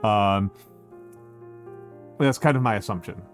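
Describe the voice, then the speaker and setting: A man streaming and chatting casually with his viewers, greeting them slowly with many fillers and restarts. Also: fairly low pitch, soft background music.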